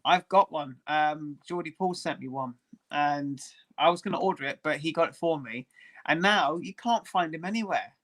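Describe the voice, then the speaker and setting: A fairly high-voiced man talks as a guest on a live stream. He chats in a friendly, easygoing way. He laughs often between his remarks. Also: moderate pace, a bit bright. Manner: chatty, laughs easily, friendly. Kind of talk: casual chat on a live stream.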